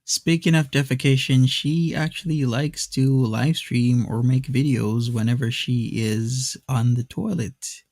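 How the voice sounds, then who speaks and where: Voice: mid-range voice, steady tone, unhurried, few pauses, a little mellow, dry recording. A channel host from Canada giving sarcastic reaction commentary with dry, mocking asides. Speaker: channel host reviewing a video.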